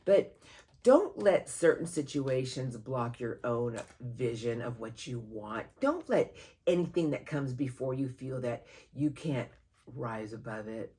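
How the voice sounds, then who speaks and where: A tarot reader giving a monthly reading to camera, earnest and encouraging, who speaks aloud to spirit guides and breaks into sudden excited, louder bursts. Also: measured pace, husky. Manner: animated, sudden jumps in pitch and loudness, laughs at the cards.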